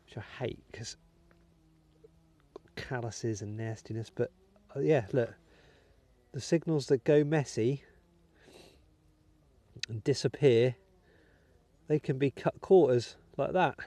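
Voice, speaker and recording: A British man talks his viewers through a dig in a rainy field, chatty and easygoing with little muttered asides. His voice is mellow and relaxed, and the sound is close and dry. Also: medium pitch, slow pace, pauses often, no room sound. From United Kingdom. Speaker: metal detecting channel host. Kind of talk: casual vlog commentary while digging. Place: outdoors in a wet field.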